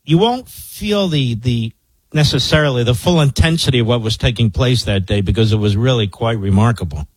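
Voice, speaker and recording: A man's voice: medium pitch, a little fast, slightly rough, dry recording, rough recording. A man hosting a talk radio show, telling a story in an emphatic, boastful manner.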